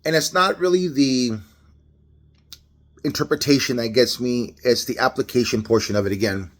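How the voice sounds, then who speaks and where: A man's voice: mid-range voice, normal speed. A man from Los Angeles with a Los Angeles accent, giving a casual, rambling, unscripted devotional talk with many restarts. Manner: casual, rambling, self-correcting, laughs often. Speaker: lay devotional speaker.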